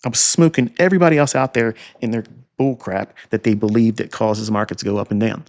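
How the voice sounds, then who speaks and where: Gravelly man lecturing emphatically over charts. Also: fairly low pitch, steady tone, brisk. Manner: emphatic and repetitive, with sudden loud bursts and rhetorical questions; mocking and scornful asides. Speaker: trading educator. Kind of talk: recorded lecture walking through price charts.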